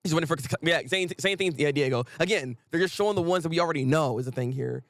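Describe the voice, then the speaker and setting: A man hosting a live manga reaction stream, talking in excitable, exclamatory, slang-filled rants. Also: on the high side, fast talker, no room sound.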